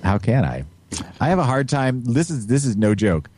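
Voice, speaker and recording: A man's voice: medium pitch, big pitch swings, moderate pace, a little mellow, a little hiss or hum. A man hosting a podcast, rambling and joking with a giggly, casual manner. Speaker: podcast host. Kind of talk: casual chat.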